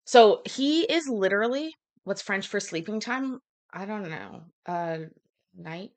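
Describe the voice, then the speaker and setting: A woman's voice: medium pitch, animated, unhurried, a little mellow. A woman hosting a casual livestream, chatting in a rambling way with frequent fillers. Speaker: livestream host.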